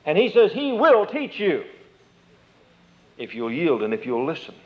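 High-voiced folksy male preacher. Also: huge pitch swings, measured pace. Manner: folksy, acts out inner dialogues, quotes scripture. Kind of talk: sermon. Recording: dull lo-fi sermon tape.

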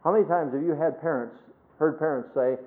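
A man preaching a sermon, emphatic, swinging between loud stresses and hushed phrases and quoting scripture in a measured cadence. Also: fairly high pitch. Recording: tinny phone-like sermon recording.

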